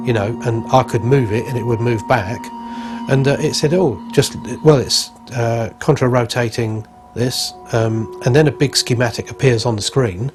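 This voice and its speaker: A man with a London accent, giving a rambling, earnest first-person account as a witness. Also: mid-range voice. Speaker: UFO witness.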